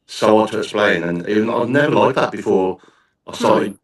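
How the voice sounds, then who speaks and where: A man's voice: on the low side, lively intonation, moderate pace, reverberant, distant mic. A man with a Black Country accent hosting a podcast, chatting casually and thinking aloud in rambling, restarting sentences. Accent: Black Country English. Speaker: podcast host. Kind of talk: casual interview chat.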